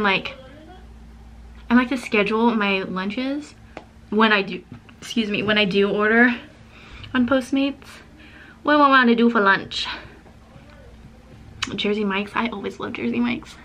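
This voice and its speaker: Woman vlogger, chatty and upbeat, higher voice, filler-heavy casual talk at home. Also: fairly bright tone. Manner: chatty, says "like" a lot. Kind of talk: casual vlog chat. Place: home office.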